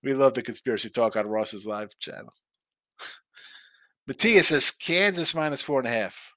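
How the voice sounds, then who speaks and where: A man's voice: mid-range voice, expressive, a little slow, bright, forceful tone, no echo. A man hosting a live sports betting stream, talking loosely and bantering as he reads viewer comments. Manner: loose, chatty, banters with chat. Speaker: sports betting show host.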